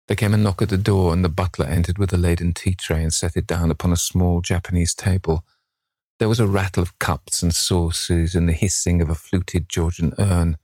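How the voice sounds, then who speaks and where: A man reading a classic novel aloud in a measured, steady storytelling manner. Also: low-pitched, dry recording, clean studio sound. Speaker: audiobook narrator.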